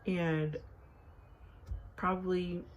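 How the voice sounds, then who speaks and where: A woman's voice: fairly low pitch, little pitch movement, drawn-out words, slight background noise. A young woman vlogger casually telling a story, chatty and full of filler words.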